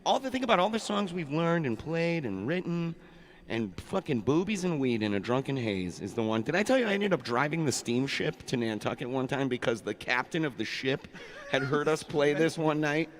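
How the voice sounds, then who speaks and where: A man's voice: fairly high pitch, sing-song, normal speed, slight background noise. A man hosting a casual live music show, telling stories in a loose, profane, laughing way. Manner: rambling, profane, laughing storyteller. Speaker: host.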